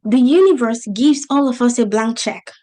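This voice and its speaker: Woman, non-native accent, fairly high voice, motivational webinar coach, emphatic, rhetorical questions. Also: normal speed, dark tone. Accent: non-native English. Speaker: business coach. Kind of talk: webinar teaching. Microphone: video call.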